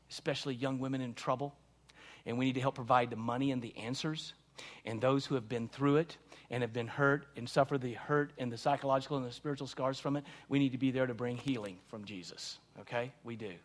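A man, a pastor, preaching a sermon with emphatic delivery and frequent "see?" and "right?" to the congregation. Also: mid-range voice.

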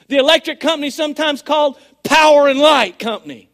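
A man preaching a sermon, excitable and swinging between shouting and a hushed voice. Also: very high-pitched, fairly quick, few pauses. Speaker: pastor.

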